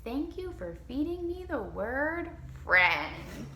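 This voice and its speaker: A woman voicing a friendly, hungry female monster puppet who chants loudly, recorded in a roomy space. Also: very animated, takes it slowly, slight background noise, exaggerated voice. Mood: hungry chanting. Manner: booming chant, loud and hungry. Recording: roomy echo.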